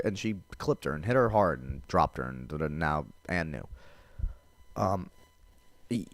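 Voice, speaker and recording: A man with a low voice hosts a casual fight-talk podcast. He rambles in a loose, profane way, full of fillers and restarts. The sound is dry and close, with no room around it. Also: no room sound. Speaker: MMA podcast host.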